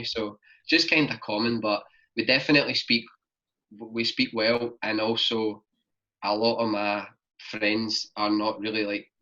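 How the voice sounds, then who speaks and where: A young Scottish podcast guest with a Glaswegian accent has a low-leaning, bright, forceful voice. He rambles casually through his travel stories, stuffing them with "like." The podcast's lo-fi recording is dull.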